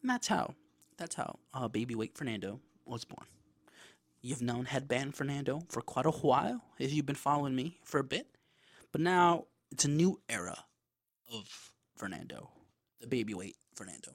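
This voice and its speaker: A man hosting his own podcast, casually telling a story in a loose, profane, animated way with lots of asides. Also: medium pitch, normal speed. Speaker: podcast host.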